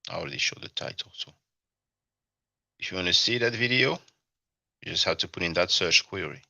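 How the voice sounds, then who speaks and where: Deep gravelly dude doing commentary and reading chat comments, dry dull mic. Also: male voice, lively intonation, brisk, pushed and bright, no echo. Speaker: commentary channel host.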